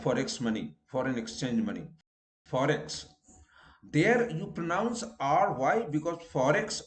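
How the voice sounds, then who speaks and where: Slow Indian man teaching pronunciation. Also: fairly high pitch, echoey room. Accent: Indian English. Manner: slow and deliberate, drawing out example words. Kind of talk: recorded language lesson.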